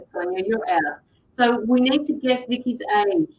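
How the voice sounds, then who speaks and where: A woman's voice: on the high side, measured pace, darkish tone, lo-fi sound. An Australian woman hosting a tarot livestream, chatting casually and greeting viewers as she reads out their comments. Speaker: tarot reader and livestream host.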